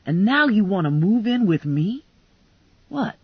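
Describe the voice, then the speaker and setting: A woman reading an audiobook, voicing a blunt, teasing male cop in a husky, lowered voice. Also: big pitch swings, unhurried, dry recording, full character voice. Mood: exasperated. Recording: dull lo-fi dry recording.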